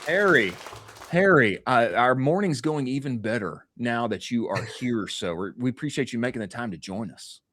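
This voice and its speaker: A man hosting a podcast interview, excitable and slangy, hyping up his guest. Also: mid-range voice, moderate pace. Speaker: podcast host.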